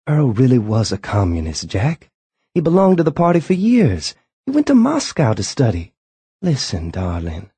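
A man's voice: huge pitch swings, normal speed, warm tone, breathy edge, no room sound, exaggerated voice. A man voicing a young wife who is pleading and bitter, raising his voice for her. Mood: imploring. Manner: pleading, then sarcastic and shrill.

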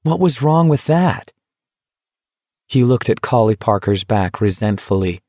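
Steady male audiobook narrator. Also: medium pitch, measured pace, dry recording, clean studio sound.

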